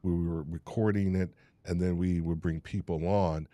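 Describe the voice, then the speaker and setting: A man hosting a live podcast panel, talking in halting, repeated starts. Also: deep voice, steady tone, warm tone, dry recording. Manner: halting, restarts often, gets emotional and laughs. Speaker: host.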